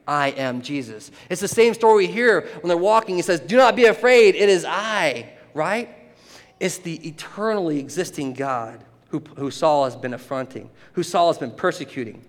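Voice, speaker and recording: A man preaching a sermon, animated and often laughing, acting out the voices in the story. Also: a little high. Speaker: pastor. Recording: long hall reverb.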